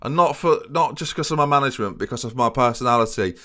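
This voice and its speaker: A man's voice: mid-range voice, fast talker, pushed and bright. A young man giving playful, jokey let's play commentary, constantly talking to his viewers as a gaming YouTuber.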